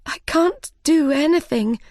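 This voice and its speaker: A woman's voice: expressive, measured pace, a little mellow, no room sound, studio quality. A woman voicing a curious, slightly worried young girl in a storybook. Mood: wondering. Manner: higher, wondering.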